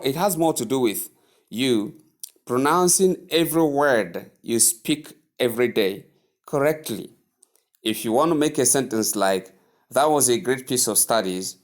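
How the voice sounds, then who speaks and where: Slow-drilling male pronunciation teacher. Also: medium pitch. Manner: slow, repetitive drilling of words; patient, advising tone. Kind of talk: English pronunciation lesson.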